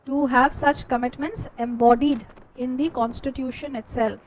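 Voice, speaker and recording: High-voiced Indian woman dictating notes. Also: fairly even intonation, a little hiss or hum, poor audio. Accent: Indian English. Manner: slow dictation, repeating each phrase. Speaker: teacher.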